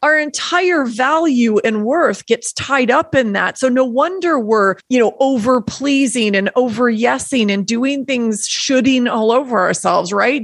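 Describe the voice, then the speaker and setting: A middle-aged woman speaking as a podcast guest, telling her story in an expressive, reflective way. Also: a little high, husky, no room sound, clean studio sound. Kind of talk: conversational interview.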